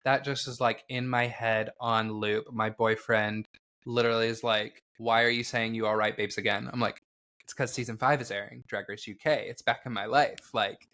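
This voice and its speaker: A man's voice: medium pitch, level tone, pushed and bright. Campy, giggly man podcast co-host. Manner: giggly and campy, quick to joke. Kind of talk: casual chat.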